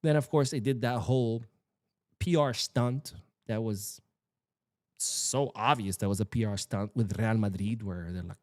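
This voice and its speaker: A man's voice: fairly low pitch, moderate pace, mellow, no room sound, clean studio sound. A man hosting a solo football news show, talking casually and sarcastically, swearing and acting out quotes. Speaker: football podcast host.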